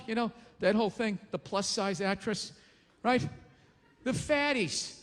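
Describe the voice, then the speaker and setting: A man doing a stand-up comedy set, ranting and mocking loudly, with profane punchlines. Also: high voice, moderate pace, in a large hall. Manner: ranting, mocking, loud and profane with acted quotes. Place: comedy stage before an audience.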